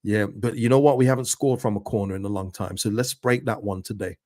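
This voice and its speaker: Excitable man hosting a live football watchalong. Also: lowish voice, brisk, dry recording, clean studio sound. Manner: excitable, pleading, chatty with viewers; reads out and answers chat messages. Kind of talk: live reactive football commentary chat.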